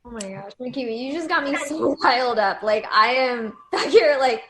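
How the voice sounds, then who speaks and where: A woman guest on a podcast talking in a passionate, animated way. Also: on the high side, moderate pace, a little hiss or hum. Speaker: guest, former pro dancer. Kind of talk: impassioned conversation. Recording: echoey room.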